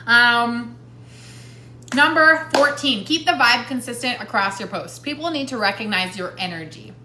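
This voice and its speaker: A woman's voice: a little high, moderate pace, roomy sound, background noise. A woman hosting a live stream with casual tips, chatty and laughing often, talking while she eats.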